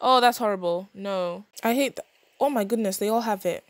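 A young woman casually narrating a life-sim game, chatty and expressive with quick reactions. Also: mid-range voice, no room sound. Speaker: gaming channel host.

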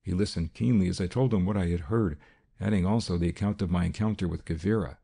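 A man narrating a detective audiobook in a steady, measured way. His voice is very low, gravelly and husky, with a dark tone. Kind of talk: first-person audiobook narration.

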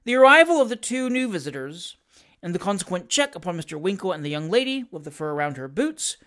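A reader narrating a classic novel aloud in a measured, steady manner. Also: medium pitch. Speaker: audiobook reader.

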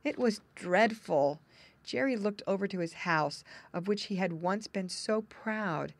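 A woman narrating a children's storybook aloud with expressive storytelling emphasis. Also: medium pitch, measured pace, no echo. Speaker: audiobook narrator.

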